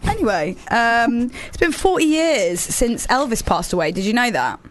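A woman's voice: on the high side, very animated, normal speed, a little hiss or hum. A woman hosting a radio show, chatty and teasing in casual banter, laughing often.

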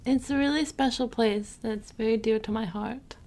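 Musician guest, female, from Michigan, slightly high voice with a gravelly fry, teasing and giggly. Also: normal speed, a little mellow. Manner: giggly, teasing, filler-heavy. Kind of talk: casual chat.

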